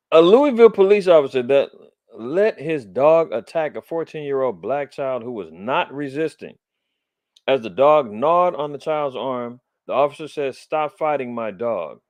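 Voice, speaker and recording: A man's voice: medium pitch, darkish tone, no room sound. A middle-aged man from Los Angeles hosting a religious commentary show, indignant and preacherly as he comments on the news and reads scripture with emphasis.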